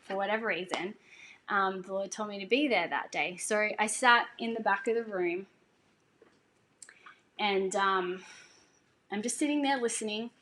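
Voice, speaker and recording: A woman's voice: medium pitch, moderate pace, pauses often, fairly bright tone, slight background noise. A woman telling a personal faith story in a casual way, earnest and emotional, laughing now and then. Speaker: singer sharing a testimony.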